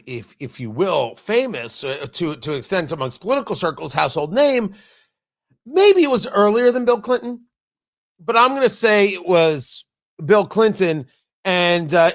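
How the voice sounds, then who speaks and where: Male talk host, high lively voice, emphatic and sarcastic, combative monologue. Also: unhurried. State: out of breath. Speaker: radio talk show host. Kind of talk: political talk radio monologue.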